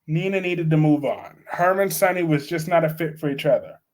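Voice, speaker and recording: A man's voice: fairly high pitch, a little fast. A man giving blunt, opinionated soap opera commentary in a casual live-stream chat, reading and answering viewers' comments. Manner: blunt, opinionated, repetitive emphasis.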